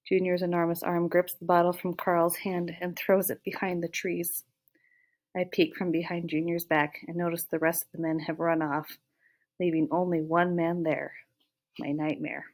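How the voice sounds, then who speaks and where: Woman narrator for a first-person audiobook, expressive and lowish in pitch. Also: moderate pace.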